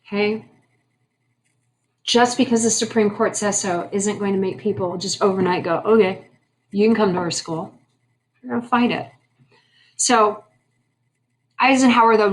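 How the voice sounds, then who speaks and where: A woman's voice: mid-range voice, fairly even intonation, moderate pace, pauses often. A woman teaching a history lesson in a conversational way, asking her class questions and making wry asides. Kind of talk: classroom lecture.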